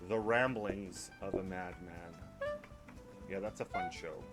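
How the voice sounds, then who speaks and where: A man's voice: low-pitched, slow, over loud music. Laid-back Canadian man rambling over gameplay. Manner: relaxed rambling chatter, hums and talks to himself. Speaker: gaming YouTuber. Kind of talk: casual gameplay commentary.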